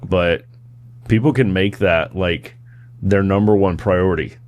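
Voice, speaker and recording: A man hosting a casual interview podcast, calm and reflective, offering brief affirmations as he listens. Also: sits low, a little slow, no echo. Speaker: podcast host.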